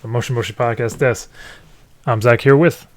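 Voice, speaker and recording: A man's voice: mid-range voice, steady tone, normal speed. A man co-hosting a podcast in casual chat, trading dry, teasing quips. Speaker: podcast co-host.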